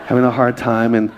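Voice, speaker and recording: A man's voice: a little high, heavy background noise. A man pastor preaching a conversational sermon and joking with the congregation.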